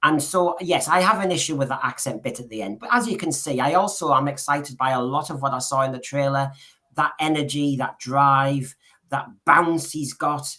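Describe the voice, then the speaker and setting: A man co-hosts a podcast, chatting casually at a moderate pace in a medium-pitched voice with a sharp tone. He rambles and keeps restarting sentences with repeated words.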